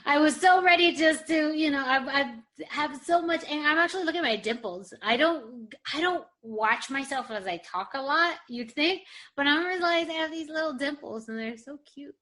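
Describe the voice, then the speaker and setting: A woman's voice: sits high, moderate pace, a bit bright. A woman co-hosting a casual podcast, chatty and rambling, laughing often, recorded over a video call. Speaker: podcast co-host. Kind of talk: casual chat. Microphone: webcam video call.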